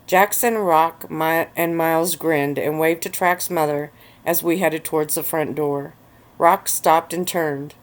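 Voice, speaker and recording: Low-voiced woman, ASMR story reading. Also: fairly even intonation, measured pace. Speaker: narrator. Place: bed with pillows at home.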